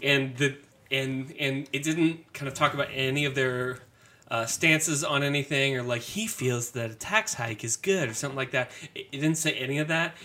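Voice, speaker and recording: A man's voice: medium pitch, normal speed, sharp tone. A man hosting a casual talk show, telling a story in a chatty way with stammered restarts. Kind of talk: casual chat.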